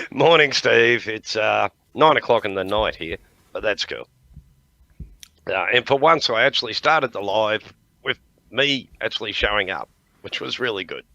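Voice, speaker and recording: A man's voice: fairly low pitch, wildly swooping pitch, a little slow, gravelly, pauses often, pushed and bright, no room sound, highs cut off. A man with an Australian accent hosting a livestream in rambling, jokey casual chat, laughing often. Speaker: livestream host.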